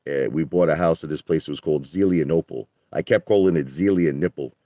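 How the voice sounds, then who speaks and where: Middle-aged New man, very deep voice, dry close sound, rambling casual livestream host. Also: fairly quick, mellow, no room sound. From Brooklyn, New York. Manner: rambling, chatty, greets viewers by name. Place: in his parked car.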